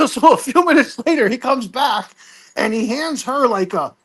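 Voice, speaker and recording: Older man telling an animated story. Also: very high-pitched, moderate pace. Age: 60s. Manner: animated, rambling, swears freely. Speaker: guest storyteller. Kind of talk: casual storytelling.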